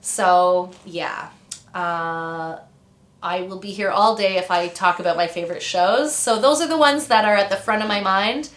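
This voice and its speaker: Chatty rambling woman, bright tone. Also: medium pitch, measured pace, roomy sound. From Ontario, Canada. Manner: rambling, chatty, lots of fillers and tangents. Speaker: interview guest, musician. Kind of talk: casual interview storytelling.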